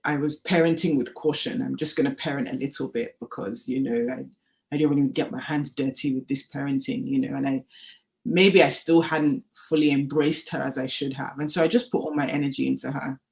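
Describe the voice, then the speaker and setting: A woman telling her personal story as a podcast guest, candid and animated, acting out the dialogue she recalls. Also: very deep voice, a little fast, gravelly. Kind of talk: personal testimony in a podcast interview.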